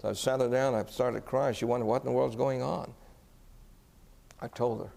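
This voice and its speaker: Man pastor telling a story in church, super gravelly voice, echoey hall. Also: medium pitch, fairly even intonation, normal speed, long pauses, a little mellow. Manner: earnest, asks the congregation questions. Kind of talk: sermon storytelling.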